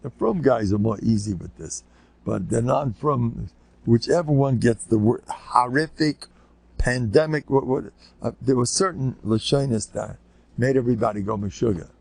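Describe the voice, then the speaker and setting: Gravelly older rabbi, rambling lecture. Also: male voice, normal speed, darkish tone, no echo. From United States. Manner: rambling anecdotal storytelling with Yiddish and Hebrew words; acts out children's voices in high squeaks. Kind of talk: informal Torah lecture.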